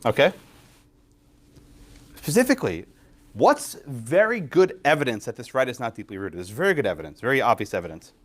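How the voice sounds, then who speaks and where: A man's voice: mid-range voice, a little fast, pauses often. Law prof guy lecturing, voice jumps up and down a lot, keeps asking "right?". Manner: lively, quizzes students, frequent tag questions. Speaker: law professor. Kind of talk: classroom lecture. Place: lecture classroom.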